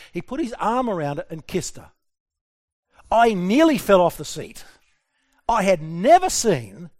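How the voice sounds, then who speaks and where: A middle-aged Australian man giving a humorous personal talk to an audience, lively and self-deprecating, often asking the crowd questions. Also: on the high side. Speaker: speaker addressing an audience.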